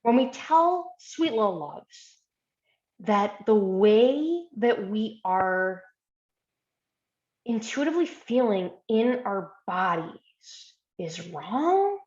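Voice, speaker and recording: Animated woman telling an earnest story. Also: on the high side, very slow, roomy sound, dull audio. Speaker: physician and workshop presenter. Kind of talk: storytelling presentation.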